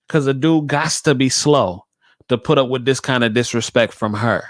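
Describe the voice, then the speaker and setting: A man's voice: mid-range voice, dry recording. Laid-back male host, dry close mic, casual reaction talk. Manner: laid-back, drawn-out remarks, says "man" often.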